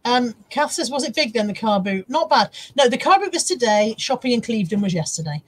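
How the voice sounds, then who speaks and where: Fast-talking husky woman host. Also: a little high, big pitch swings, rough recording. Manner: chatty and giggly, reads viewer comments aloud. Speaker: livestream co-host reading chat comments. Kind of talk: casual chat.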